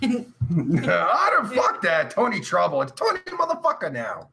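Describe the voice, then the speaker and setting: A man's voice: high voice, huge pitch swings, measured pace, vocal fry. A man hosting a crude podcast with a stuffy nose, swearing constantly and joking as he reads viewer comments. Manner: profane, loud, jokey, swings between shouting and mumbling. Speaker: podcast host. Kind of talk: crude casual chat reading viewer comments.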